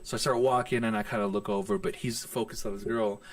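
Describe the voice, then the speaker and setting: Gravelly fast-talking comedian, off-mic. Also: male voice, medium pitch, no echo. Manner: profane, animated, acts out the people in his stories. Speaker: stand-up comedian telling a story. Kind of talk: casual podcast storytelling. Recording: distant mic in a dry room.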